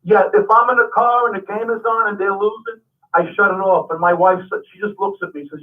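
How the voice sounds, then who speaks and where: A man's voice: sits high, steady tone, fast talker. A man who is a comedian guest, talking animatedly and emphatically in a radio interview. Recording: tinny phone-like radio sound from the mic's distance.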